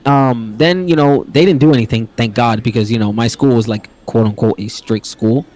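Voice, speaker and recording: A young man from the Bronx casually telling a long story on a podcast, slangy, animated and acting out the voices of other people. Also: medium pitch, moderate pace. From the Bronx, New York. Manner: animated, slangy, acts out quoted voices loudly.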